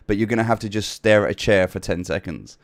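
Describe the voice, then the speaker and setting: A man's voice: fairly low pitch, quick pace. Chatty man live streaming. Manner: chatty, repeats himself, talks straight to chat. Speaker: livestream host. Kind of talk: casual livestream chat to viewers. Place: upstairs room at home.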